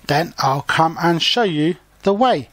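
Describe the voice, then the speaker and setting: A man's voice: a little high, expressive, unhurried, fairly bright tone, no room sound. A man reading a cheerful young mouse guide. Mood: helpful.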